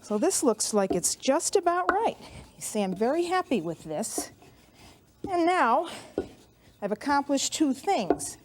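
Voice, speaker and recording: Rolling out dough and a bit short of breath, a middle-aged woman hosting a cooking show chats homily through each step of her demonstration. She speaks in a high-pitched voice at a measured pace, with big swings in pitch.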